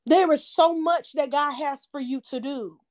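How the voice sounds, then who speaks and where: Woman podcast host, sermon-style cadence, emphatic repeats, high voice. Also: moderate pace, a little mellow. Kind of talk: impassioned testimony, preaching cadence.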